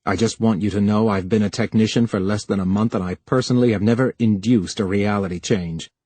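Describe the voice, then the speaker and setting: Brief: narrator doing a young male official, husky, clipped and resentful, dry sound. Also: on the low side, fairly even intonation, brisk, no room sound. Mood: bitter. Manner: bitter, sharp retorts. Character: young male time official, tense and defensive.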